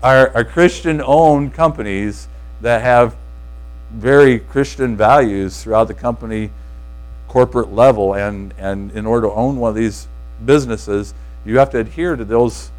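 A man preaching to a congregation in a relaxed, storytelling way, often restarting his sentences and tossing asides to the listeners. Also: mid-range voice, low-quality recording. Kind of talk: informal sermon storytelling.

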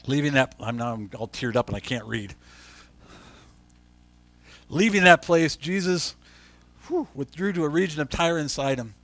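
Male preacher, slightly high bright voice, emotional and urgent sermon, dry sound. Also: lively intonation, normal speed, long pauses, dry recording. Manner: emotional, impassioned preaching that swings from tearful and hushed to loud and urgent; reads scripture aloud with asides to the congregation.

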